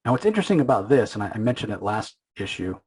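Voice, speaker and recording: A man hosting a comic book podcast, casually recapping an issue and retelling its scenes with quick acted-out quotes, often pausing on fillers and restarts. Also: fairly low pitch, sing-song, a little mellow, husky, poor audio.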